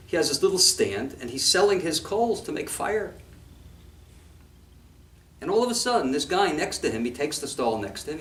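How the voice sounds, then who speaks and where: In a congregation hall, a rabbi with a fairly high-pitched voice delivers a sermon on scripture, telling a story with lively emphasis. He animates the tale and weaves Hebrew quotations in among his English. The room echoes and the microphone sits far away.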